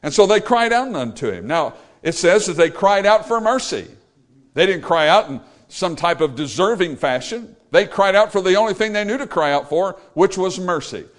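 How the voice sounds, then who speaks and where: A male preacher delivering a sermon, rising to loud exclamations and dropping to quiet, low lines. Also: lively intonation, normal speed.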